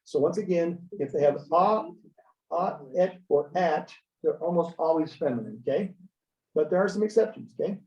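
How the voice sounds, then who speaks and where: Man, classroom teacher, chatty, keeps checking with "okay?", mellow tone, distant roomy dull recording. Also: a little high, lively intonation, normal speed. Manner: chatty, repeats "okay?" often, prompts class to repeat. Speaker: Hebrew teacher. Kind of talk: classroom lecture. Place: church classroom.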